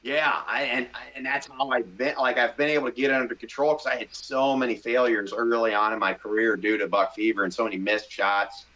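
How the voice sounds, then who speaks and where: Excitable man telling a story. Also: mid-range voice, brisk, hardly any pauses, dull audio. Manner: animated, excitable, acts out his own inner voice. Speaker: podcast guest, hunter. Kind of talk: casual storytelling.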